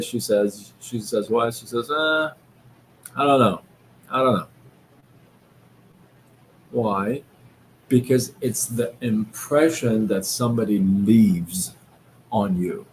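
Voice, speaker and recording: A man hosting a live stream, giving a casual motivational talk in a slow, reflective way, with many fillers and restarts. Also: mid-range voice, a little mellow, a little hiss or hum. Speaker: livestream host. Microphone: live-stream setup.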